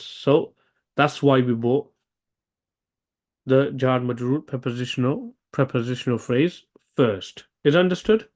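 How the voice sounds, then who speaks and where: A man teaching an Arabic grammar class, thinking aloud and checking in with "okay?" often. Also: mid-range voice. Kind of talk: online language lesson.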